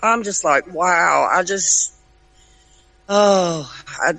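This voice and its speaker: A woman's voice: fairly low pitch, extremely slow, gravelly, fairly bright tone, low-quality recording. A woman with a Southern US accent in a casual voice chat, blunt and chatty, dropping "y'all". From Southern United States. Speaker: chat participant.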